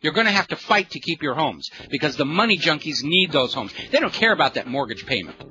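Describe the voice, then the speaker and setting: Fiery high-voiced male radio host. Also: sing-song, a little fast, bright, forceful tone. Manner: impassioned ranting. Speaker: radio talk show host. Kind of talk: political talk radio monologue. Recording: lo-fi radio broadcast with faint noise.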